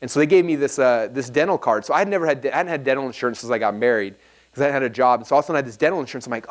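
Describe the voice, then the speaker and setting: At a business seminar held in an event hall, a man in his thirties spins stories for the crowd, performing each character's lines with energy. His voice sits at a medium pitch and comes out in a rapid-fire stream.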